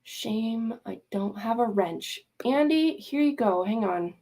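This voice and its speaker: A livestream host with a high, dark-toned, expressive voice takes her time while ranting in exasperated, emphatic commentary. She swears openly and breaks away to address her chat and mods partway through.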